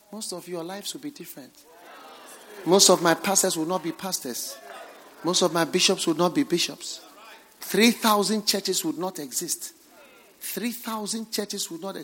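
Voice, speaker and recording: A male preacher giving a revival sermon in a fairly high voice. He drops to near whispers, then bursts into shouts, and he hammers his points home through repetition. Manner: dramatic swings between hushed and shouted lines; repeats phrases for emphasis.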